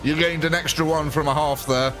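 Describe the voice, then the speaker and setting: A man's voice: fairly high pitch, steady tone, fairly quick, a bit bright. A man hosting a live gameplay stream, chatting casually and joking with viewers as he commentates. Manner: chatty, jokey, reads out viewer names. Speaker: livestream host. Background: game music.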